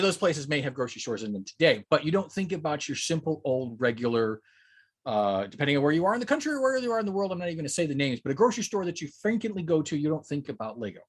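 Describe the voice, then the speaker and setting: A man's voice: fairly high pitch, husky. A man from the Southeast US, a podcast co-host talking in a playful, wordy casual chat and tripping over his words.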